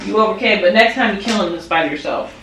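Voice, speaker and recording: A woman's voice: mid-range voice, fast talker, noisy background. A young woman, a mother co-hosting a family vlog, chatting and telling stories with frequent laughter and teasing. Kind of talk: casual family vlog chat. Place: home nursery room, indoors. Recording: roomy, distant home video.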